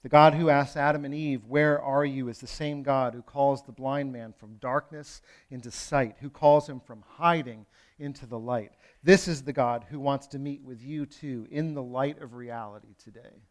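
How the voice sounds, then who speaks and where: A pastor delivering a sermon in a conversational way, moving from loud emphasis to hushed lines, with playful asides to the congregation. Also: male voice, mid-range voice, moderate pace. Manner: conversational preaching with wide swings from loud to hushed.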